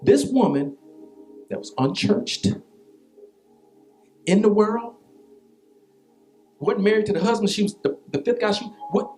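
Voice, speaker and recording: A man preaching a sermon as pastor, telling a personal story in an animated, repetitive way with vernacular asides. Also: high voice, measured pace, pauses often, soft background music.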